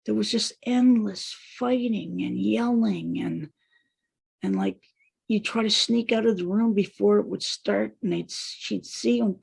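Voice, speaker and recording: A woman with a medium-pitched, gravelly voice, a little mellow with a breathy edge, speaks at a measured pace. In a personal testimony monologue she tells her own painful story, raw, pained and repetitive, piling up long trailing lists of hurts.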